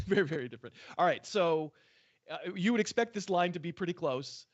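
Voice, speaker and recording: A man's voice: sits high, fairly quick, dull audio. A man co-hosting a sports podcast, talking casually and jokily, laughing often. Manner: animated, jokey, laughs often. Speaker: podcast co-host. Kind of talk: casual sports betting chat.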